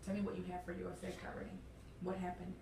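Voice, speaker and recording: A woman's voice: fairly low pitch, completely flat delivery, very fast, creaky, noisy background. A woman teacher guiding young readers, encouraging and checking in often with "okay?" and "all right?". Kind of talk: classroom instruction. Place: classroom. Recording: roomy classroom, mic far off.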